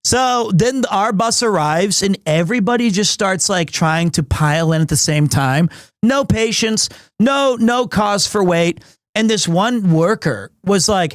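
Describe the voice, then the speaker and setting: A man in his forties, a streamer casually telling a story to his chat, animated, and acting out the people he quotes in funny voices. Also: sits high, normal speed, no echo, studio quality. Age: 40s.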